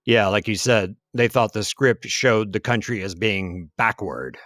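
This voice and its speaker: A man co-hosting a history podcast, talking in a relaxed, musing way with frequent fillers. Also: fairly low pitch, measured pace, no echo, clean studio sound. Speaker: podcast co-host. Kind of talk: casual history podcast chat. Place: lives in Taiwan.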